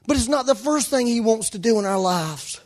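A man preaching a sermon to a congregation in a room, emotional and passionate, swinging from soft talk to shouting. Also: extremely high pitch, lively intonation, fairly quick. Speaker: pastor.

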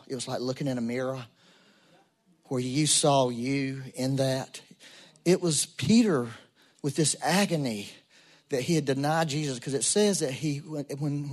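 A man preaching a sermon to a congregation, telling a story in a casual way and building to emphatic peaks. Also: medium pitch. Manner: conversational storytelling, rising to emphatic. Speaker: pastor. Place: church room with congregation.

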